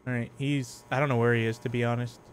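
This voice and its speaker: A man's voice: mid-range voice, level tone, fast talker, slight background noise. A young man commenting on a horror game as he plays, jumpy and joking, laughing often. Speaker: gaming youtuber.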